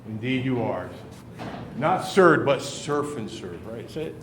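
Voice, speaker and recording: A man leading a classroom workshop, running an upbeat, brisk roll call of teams. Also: medium pitch, lively intonation, slight background noise. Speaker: workshop leader. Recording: echoey room from far off.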